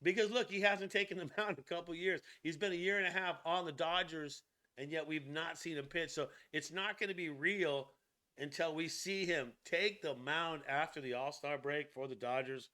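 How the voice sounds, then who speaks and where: A man hosting a casual sports news channel, chatting excitedly with jokey asides and laughs. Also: fairly high pitch, moderate pace.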